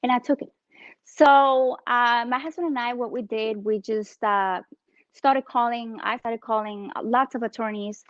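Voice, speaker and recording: A woman in her thirties with a Spanish accent, an entrepreneur guest telling her story with animated energy in a casual interview. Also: on the high side, measured pace, no echo, dull audio. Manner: animated, acts out phone calls in her story.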